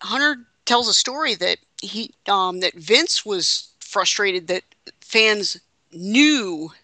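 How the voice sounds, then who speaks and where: A woman's voice: medium pitch, lively intonation, takes it slowly, bright, forceful tone, dry recording. A woman hosting a casual podcast chat, reading quotes aloud with joking asides. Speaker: podcast host.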